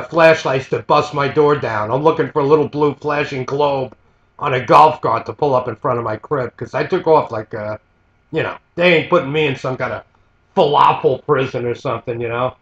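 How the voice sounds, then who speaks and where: A profane, animated American man tells a story as a rant and keeps swearing through it. His voice sits a bit high for a man. The sound is echoey and dull, like a lo-fi home recording. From United States. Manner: profane, animated, mimics other people's voices. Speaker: vlogger. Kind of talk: ranting storytelling monologue.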